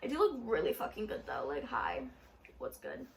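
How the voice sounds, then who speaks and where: A woman's voice: medium pitch, huge pitch swings, moderate pace. A young adult woman vlogging casually into her phone, chatty and profane, rambling with lots of "like". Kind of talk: casual storytime vlog. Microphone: phone camera.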